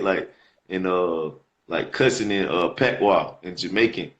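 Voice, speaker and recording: A man's voice: fairly low pitch, brisk. A man teaching scripture in a casual, slangy way, reading verses aloud and repeating words as he explains them. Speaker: preacher.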